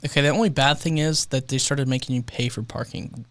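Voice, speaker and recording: A man's voice: mid-range voice, fairly even intonation, brisk, no echo. A man in his twenties chatting on a podcast, laid-back and swearing a lot. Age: 20s. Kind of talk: casual podcast chat.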